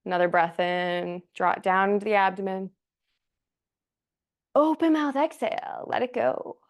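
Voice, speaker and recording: A woman's voice: medium pitch, moderate pace. A young woman teaching a yoga class, cueing breaths and poses in an encouraging, playful way, a little out of breath. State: slightly out of breath. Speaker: yoga instructor. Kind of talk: guided yoga class instruction.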